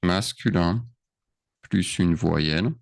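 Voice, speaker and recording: The French teacher's low, creaky voice moves slowly as he shares his screen for a grammar lesson, musing aloud and repeatedly asking whether students follow.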